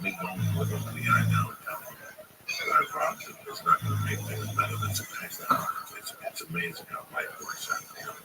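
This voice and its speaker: A man's voice: very deep voice, vocal fry. A middle-aged man telling long, profane, rambling stories to friends in a casual livestream. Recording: distant mic with loud background noise.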